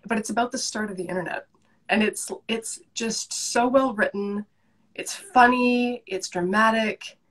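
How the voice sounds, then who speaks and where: A woman's voice: a little high, unhurried, fairly bright tone. A young Canadian woman chatting as a guest on a live video call, enthusiastic and talkative. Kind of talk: casual chat.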